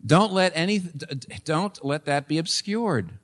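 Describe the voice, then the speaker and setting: A man's voice: fairly high pitch, lively intonation, measured pace, fairly bright tone. A man in his sixties preaching a sermon in church, earnest and building to emphatic, repeated points. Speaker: pastor.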